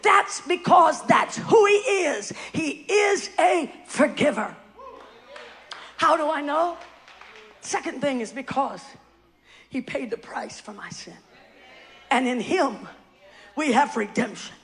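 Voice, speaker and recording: High, bright-voiced shouting woman preacher. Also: sing-song, slow, pauses often, faint music behind. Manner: emphatic, shouting preacher who draws the congregation to respond. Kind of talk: sermon.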